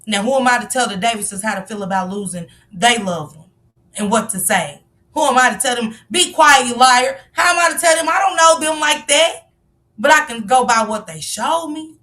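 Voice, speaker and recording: A woman's voice: a little high, lively intonation, brisk, pushed and bright, distant mic. A woman giving passionate live-stream commentary, firing off rhetorical questions and sometimes raising her voice. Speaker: livestream commentator.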